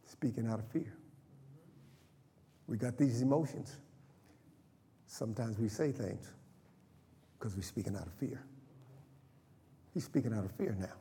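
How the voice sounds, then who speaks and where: Male preacher, mid-pitched voice, colloquial and punchy, talking back and forth with the congregation, echo of a church hall. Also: measured pace, pauses often, slight background noise. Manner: lively, colloquial, calls to the congregation. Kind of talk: sermon. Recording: echoey hall reverb.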